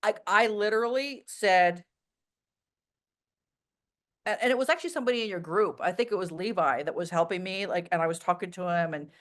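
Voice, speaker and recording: Blunt, animated woman telling stories. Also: lowish voice, a little fast, long pauses. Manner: blunt, animated storyteller with many "like" fillers. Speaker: interview guest. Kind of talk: casual interview chat.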